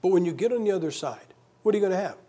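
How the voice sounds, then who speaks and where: A man's voice: sits high, expressive, rapid-fire, mellow. A man preaching a sermon in a church, conversational and emphatic, with joking asides. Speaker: guest preacher.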